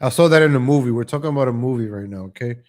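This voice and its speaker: A man's voice: mid-range voice, very fast, a little mellow. Opinionated man ranting on a live show. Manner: opinionated, sarcastic, jumps between topics; mocks others in exaggerated voices. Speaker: host of a live online show. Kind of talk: casual ranting live-stream talk.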